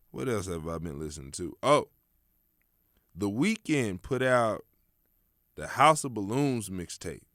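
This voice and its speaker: A man's voice: on the low side, lively intonation, slow pace, fairly bright tone, dry recording, studio quality. A young man hosting a casual solo podcast, rambling in a laid-back, slangy way with plenty of fillers. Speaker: podcast host.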